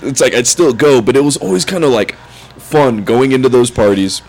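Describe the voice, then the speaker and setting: A man's voice: medium pitch, normal speed. A young adult man, a former gymnastics coach, telling stories in casual chat with frequent laughter. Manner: laughing, animated storyteller.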